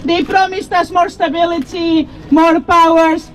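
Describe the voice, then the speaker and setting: A woman's voice: extremely high pitch, level tone, unhurried, slight background noise, low-quality recording. A young woman giving a fervent speech at an outdoor political rally, laughing between points. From EU country outside the UK. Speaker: rally speaker.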